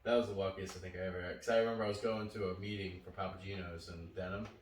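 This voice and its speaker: A man's voice: low-pitched, fairly even intonation, racing, slight background noise. A man from Rhode Island co-hosting a podcast, telling rambling anecdotes with some swearing in casual chat. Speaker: podcast co-host. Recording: roomy, distant mic.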